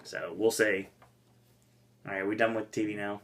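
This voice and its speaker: A man's voice: on the low side, level tone, normal speed, a bit bright. A man co-hosting a casual awards-prediction chat, laughing often and reading out a colleague's picks. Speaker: podcast co-host.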